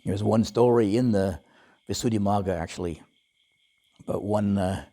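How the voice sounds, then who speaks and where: A man who is a Buddhist monk, giving a relaxed dharma talk and telling stories with frequent chuckles and fillers. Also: fairly low pitch, moderate pace. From Western, lived in Thailand as a layman. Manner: relaxed storytelling, chuckles often, many fillers.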